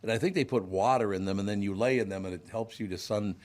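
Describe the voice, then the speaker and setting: A man's voice: fairly low pitch, quick pace, a little mellow. A man hosting a radio talk show, telling a rambling story in casual chat.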